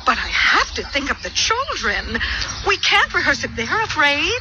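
A woman's voice: high-pitched, big pitch swings, moderate pace, muffled recording, background noise. A woman voicing a nervous drama teacher who stammers and trails off, in an audio drama. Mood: flustered.

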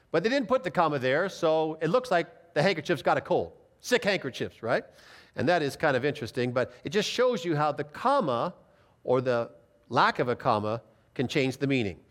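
Emphatic pastor with a lively voice. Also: male voice, a little high, brisk. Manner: explanatory, emphatic, reads scripture aloud. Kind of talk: Bible teaching sermon.

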